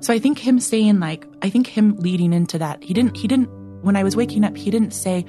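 A young woman earnestly sharing a personal faith testimony, reflective and full of filler words, sometimes dropping to a soft hush. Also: medium pitch, brisk, faint music behind.

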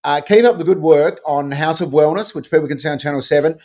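A man's voice: a little high, fast talker, dark tone. Laid-back Australian man hosting. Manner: laid-back, jokey, upbeat sign-off. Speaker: host. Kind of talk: casual chat.

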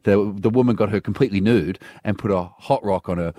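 A man co-hosting a radio show, bantering playfully, laughing often and telling stories with quick mimicked voices. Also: on the low side, mellow. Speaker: radio co-host.

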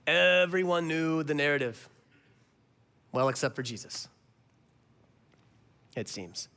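High-voiced animated preacher man. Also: slow pace, long pauses. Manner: animated, swings between loud and hushed. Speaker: pastor. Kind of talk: sermon.

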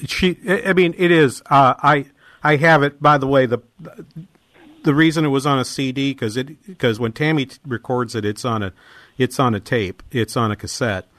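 A man's voice: mid-range voice, moderate pace, fairly bright tone, dry recording. A man hosting a radio interview, speaking hesitantly with many ums and uhs.

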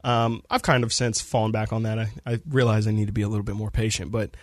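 A man's voice: on the low side, level tone, fast, no echo. A young man hosting a casual sports podcast in a radio studio, talking in a laid-back, rambling way with lots of fillers. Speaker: podcast host.

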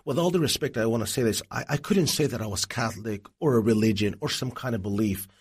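A man, a Christian evangelist, telling his life story as an interview guest in an earnest, animated way. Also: medium pitch, fast, slightly rough. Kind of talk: personal testimony in an interview.

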